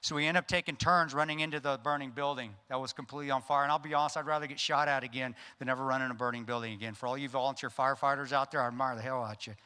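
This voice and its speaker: A man with a bright, forceful voice tells a gripping war story from the stage of a conference. His delivery is intense and earnest, and it sinks to a hushed tone at solemn moments. The long reverb of the large hall hangs after each phrase. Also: mid-range voice, steady tone, very fast, hardly any pauses, smooth. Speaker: keynote speaker.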